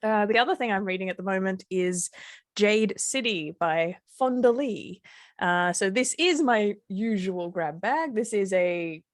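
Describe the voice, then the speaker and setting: A woman's voice: mid-range voice, measured pace, no echo, studio quality. A woman co-hosting a podcast in casual chat. She is chatty and enthusiastic, with lots of fillers and restarts. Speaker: podcast co-host.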